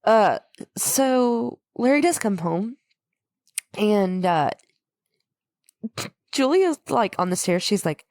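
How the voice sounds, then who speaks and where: A woman's voice: medium pitch, very animated, slow, long pauses, a little mellow, no room sound, studio quality. A woman co-hosting a podcast, casually recapping a horror film, laughing often and playfully acting out lines. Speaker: podcast co-host.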